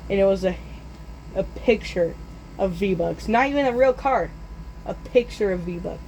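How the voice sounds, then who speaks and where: A teenage boy telling a story in a casual, animated way, often jumping into loud character voices. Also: high-pitched, moderate pace, slight background noise, poor audio.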